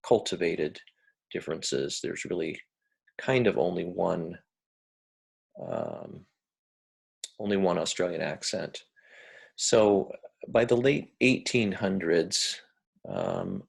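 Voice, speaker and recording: A man who is a university English professor, giving a lecture in a measured way with frequent fillers and restarts. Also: deep voice, gravelly, slightly rough.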